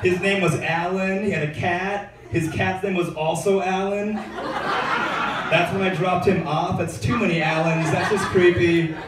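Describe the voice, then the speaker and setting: A man's voice: sits high, steady tone, measured pace, a loud crowd. Laid-back young man doing stand-up. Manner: laid-back, filler-heavy storytelling with slangy asides. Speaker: stand-up comedian. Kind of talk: stand-up comedy set. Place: comedy club stage, live audience. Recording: echoey club room, heard from far off.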